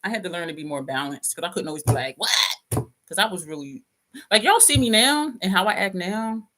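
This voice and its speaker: A woman's voice: fairly low pitch, animated, quick pace, fairly bright tone. A woman in her fifties, host of a casual livestream, telling a story to viewers, often laughing and reading out comments. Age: 50s.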